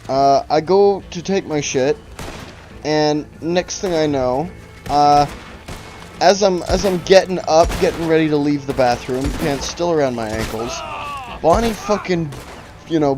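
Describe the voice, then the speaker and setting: A man's voice: a little high, unhurried, darkish tone, soft background music. A man streaming a game, telling a long story in a casual, profane, rambling way over his mic. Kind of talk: casual gaming chat.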